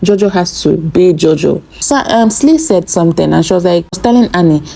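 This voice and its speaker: A woman's voice: on the low side, lively intonation, moderate pace, creaky, warm tone. A woman giving a chatty, opinionated recap of a reality TV episode, often acting out what others said. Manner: chatty, opinionated, acts out quotes. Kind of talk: casual recap commentary.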